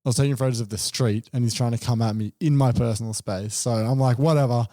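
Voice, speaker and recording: Animated young man, mellow voice. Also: medium pitch, quick pace, no room sound, studio quality. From Australia. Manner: animated, acts out dialogue, swears freely. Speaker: podcast co-host. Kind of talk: casual storytelling chat.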